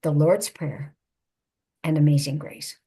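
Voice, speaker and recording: Older woman guest, husky lowish voice, recounting a personal story in an interview. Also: steady tone, dark tone. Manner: measured, reflective storytelling. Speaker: guest, psychotherapist and author.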